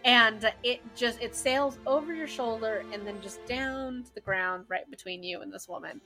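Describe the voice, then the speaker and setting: Woman GM, bright, slightly high voice, loose chatty narration of a tabletop session. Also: moderate pace, faint music behind. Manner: animated, filler-heavy storytelling. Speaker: game master.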